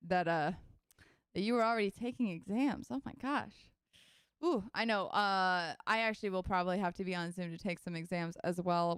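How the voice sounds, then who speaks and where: A young woman with a high, bright-pitched voice chats to her livestream viewers from home, giggling often and filling her talk with "like" and "um". Her voice sits dry and close to a computer mic, with no room sound around it. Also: clean tone, no echo. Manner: chatty and giggly, many fillers like "like" and "um". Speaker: livestream host and singer. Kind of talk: casual chat with livestream viewers.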